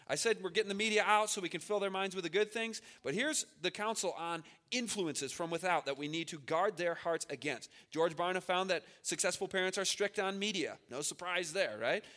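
Man, 30s, chatty seminar preacher, bright tone. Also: fairly high pitch. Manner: conversational, repeats words, asks "right?". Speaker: speaker at a church family seminar. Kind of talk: informal sermon with stories.

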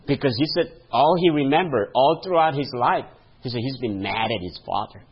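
A man's voice: mid-range voice, brisk, husky, dull audio. A male pastor preaching a sermon, telling a story and laughing at his own stories, calling out to the congregation for a response. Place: church.

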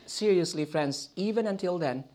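A man's voice: high-pitched, normal speed, very noisy. A man telling a testimony in a sermon, calling his listeners friends and laughing as he goes. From Philippines. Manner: storytelling, addresses audience as friends, laughs often. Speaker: preacher.

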